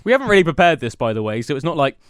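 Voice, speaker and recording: A man's voice: on the high side, sing-song, rapid-fire, clean tone, dry recording, studio quality. A young man, co-hosting a podcast as a rambling, self-mocking storyteller. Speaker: podcast co-host. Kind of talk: casual chat. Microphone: studio mic.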